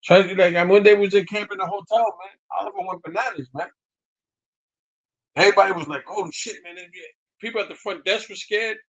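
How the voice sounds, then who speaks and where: A man's voice: sits high, brisk, muffled recording. A middle-aged man, a boxing trainer, telling stories casually and acting out quotes, tagging lines with "man" and "you know what I mean". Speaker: boxing trainer, interview guest. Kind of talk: casual storytelling.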